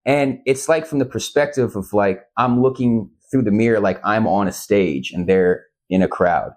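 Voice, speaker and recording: A man's voice: lowish voice, normal speed, a little mellow. Rambling, foul-mouthed man from Illinois. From Central Illinois. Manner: rambling and profane, often asks "you know what I mean". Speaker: guest musician. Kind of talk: casual storytelling in a podcast interview.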